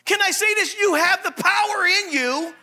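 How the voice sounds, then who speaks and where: A man in his fifties preaching a lively sermon, shouting at times and acting out voices in the stories he tells. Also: very high-pitched, normal speed. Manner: animated, shouting, acts out voices.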